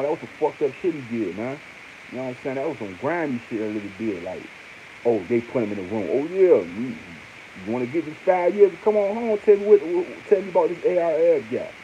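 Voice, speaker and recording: Animated man, lively slang-heavy rant. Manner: animated, swings to high exclaims, heavy slang and repeated fillers. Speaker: online commentator. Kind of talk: casual monologue on hip hop news. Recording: muffled lo-fi with faint hiss.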